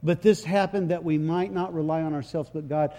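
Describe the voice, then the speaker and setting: A man preaching a sermon, retelling scripture in folksy everyday words and swinging from quiet asides to shouted crowd chants. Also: on the high side, steady tone, brisk. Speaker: pastor.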